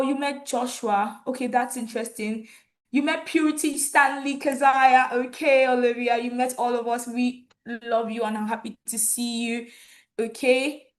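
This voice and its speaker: Upbeat woman hosting an online ceremony. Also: sits high. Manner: enthusiastic, reads out viewer comments and names. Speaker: host of an online graduation ceremony. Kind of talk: lively live-stream hosting.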